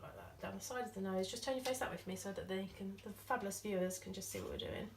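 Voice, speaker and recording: A woman's voice: medium pitch, quick pace, gravelly. A woman, a makeup artist talking through a look in casual, playful chat as she works. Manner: chatty, playful, giggly asides. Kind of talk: casual tutorial chat while working. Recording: slightly distant mic with faint noise.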